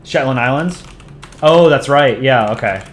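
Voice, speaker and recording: A man's voice: medium pitch, animated, a little slow. Rambling man in an echoey room. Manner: rambling, frequent ums and likes. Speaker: streamer reviewing fan art. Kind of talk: casual live stream chat. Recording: echoey room with background noise.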